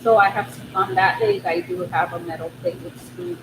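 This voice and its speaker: A woman's voice: lowish voice, normal speed. A woman hosting a casual livestream from her living room, nervous and rambling, with many ums and restarts. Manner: nervous, soft-spoken. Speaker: crochet channel host on a livestream. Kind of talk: casual live chat with viewers. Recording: roomy room with steady background noise.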